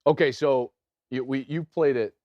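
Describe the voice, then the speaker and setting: Man, middle-aged, sports host, watch-along commentary, animated storyteller, mid pitch, dry close sound. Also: moderate pace, no echo, dull audio. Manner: animated, jumps into loud acted-out anecdotes. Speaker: host and game analyst.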